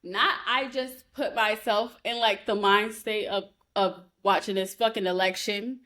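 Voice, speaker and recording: A woman co-hosting a podcast, telling a story in a heated, profane, animated way. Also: medium pitch, unhurried. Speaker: podcast co-host. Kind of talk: casual chat.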